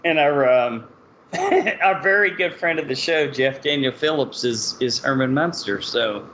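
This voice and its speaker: A man's voice: mid-range voice, a little slow, a bit bright. A man with a Texas accent hosting a horror podcast in casual chat, joking and laughing often. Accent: Texan. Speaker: podcast host. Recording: slightly dull podcast audio with faint noise.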